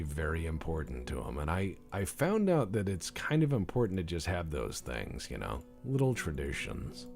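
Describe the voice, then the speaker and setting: A man's voice: low voice, gravelly, a little mellow. A man hosting a let's-play video, chatting casually in a rambling, profane, self-deprecating way. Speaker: gaming channel host.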